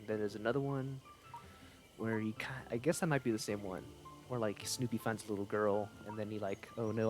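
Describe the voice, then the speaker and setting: A young man talks through a game livestream in a loose, rambling way, restarting sentences as his thoughts wander. His voice sits at an ordinary middle pitch. Faint music plays underneath. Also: darkish tone. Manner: rambling, chatty, self-correcting. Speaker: game streamer. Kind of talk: casual livestream commentary.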